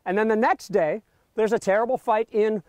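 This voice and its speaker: A man leading an outdoor history tour of a battlefield, telling the story in a lively way and often checking in with "okay?". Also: sits high, moderate pace, no room sound. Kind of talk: outdoor history lecture to a group.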